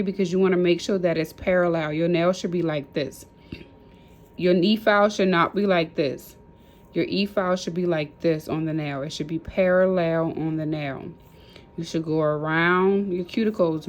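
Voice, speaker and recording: Chatty nail tech, lowish voice. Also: female voice, a little mellow, highs cut off. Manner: chatty, repetitive step-by-step instructions with Southern US slang. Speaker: nail technician teaching a class. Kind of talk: casual how-to demonstration. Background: nail drill whirring.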